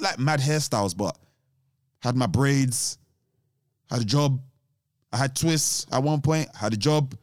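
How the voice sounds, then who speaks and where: A man's voice: mid-range voice, a little mellow, dry recording, clean studio sound. A man chatting casually, rambling and restarting sentences, saying "th" like "t". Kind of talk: casual chat.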